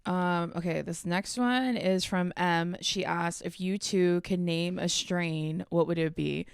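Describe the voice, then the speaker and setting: Low gravelly young woman chatting. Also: takes it slowly, no room sound, studio quality. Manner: relaxed, filler-heavy, reads listener questions. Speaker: podcast co-host. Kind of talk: casual chat.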